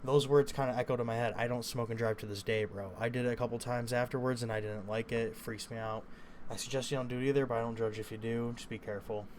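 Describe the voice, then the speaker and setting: A young man telling a story in a loose, rambling way, swearing often and leaning on fillers. His voice sits at an ordinary pitch, and a faint hiss hangs behind it. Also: fairly even intonation, quick pace. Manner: rambling, profane, lots of fillers. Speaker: vlogger. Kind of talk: casual storytelling.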